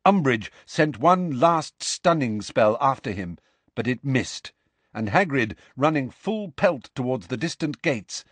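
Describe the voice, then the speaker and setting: A man narrating a storybook in an expressive, dramatic reading style. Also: medium pitch, measured pace, dry recording. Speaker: audiobook narrator.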